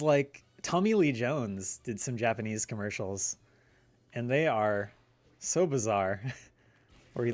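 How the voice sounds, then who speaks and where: A man in his thirties hosting a livestream, rambling casually and answering viewers' questions. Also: mid-range voice. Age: 30s. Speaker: livestream host. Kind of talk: casual chat on a gaming livestream.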